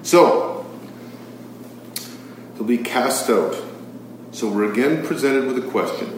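A man's voice: medium pitch, darkish tone, slight background noise. A man teaching a Bible study to a live group, reading scripture aloud and posing rhetorical questions, with frequent fillers. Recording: very echoey room, far from the mic.

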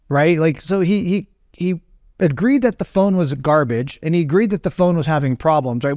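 This man tells a story in a slightly high voice that rambles along with many asides, and he lively acts out the people he quotes. The sound is dry and close, with no room around it. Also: brisk, no echo. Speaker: podcast host. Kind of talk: casual storytelling monologue.

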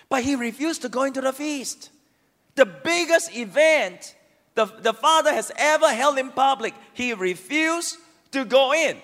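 A man preaching a sermon, animated and calling on the congregation to answer back. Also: high-pitched, big-room sound. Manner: animated, asks the congregation to respond.

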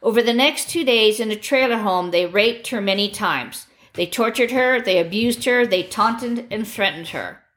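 A woman narrating a true crime story in a grave, measured reading voice. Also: medium pitch, lively intonation, a bit bright.

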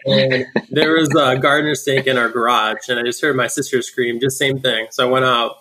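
A man guest on a podcast, joining in with quick jokes and a short story. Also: medium pitch, fairly even intonation, pushed and bright, poor audio. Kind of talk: casual chat.

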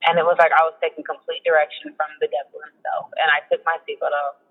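A man earnestly telling a painful personal testimony, halting and restarting, with small nervous laughs. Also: on the high side, little pitch movement, in a large hall. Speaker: guest sharing testimony. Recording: tinny phone-line audio.

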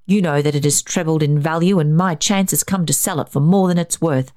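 A woman's voice: low voice, fairly quick, dark tone, lightly acted. A woman voicing an irritable elderly man, curt and testy. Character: irritable elderly man, wealthy property owner.

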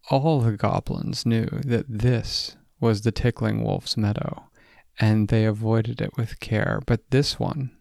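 A man hosting and narrating bedtime stories in a gentle storyteller manner. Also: mid-range voice, vocal fry, no echo, studio quality. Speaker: host and storyteller.

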